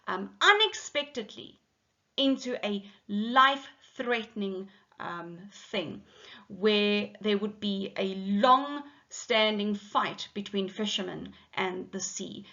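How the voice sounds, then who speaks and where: A woman teacher with a South African accent explains a poem line by line in a patient lesson, reading lines aloud and pausing on frequent ums. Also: medium pitch, bright, forceful tone, dull audio.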